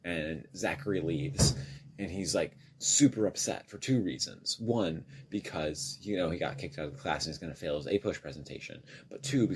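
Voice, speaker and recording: A man retelling a silly story for a storytelling game in an offhand, deadpan way, correcting himself as he goes. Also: sits low, moderate pace, husky. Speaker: storyteller in a narrative telephone game. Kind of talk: improvised comic storytelling.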